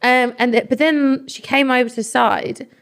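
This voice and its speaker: A woman with an English accent, a talent manager guesting on a podcast, telling stories in an animated, chatty way with quick asides. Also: sits high. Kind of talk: casual chat.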